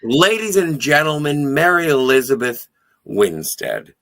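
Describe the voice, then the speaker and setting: A man's voice: on the high side, very animated, measured pace, fairly bright tone. A man co-hosting a podcast, chatting enthusiastically about a TV episode with jokey, profane asides. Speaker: podcast co-host. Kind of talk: casual chat recapping a TV episode.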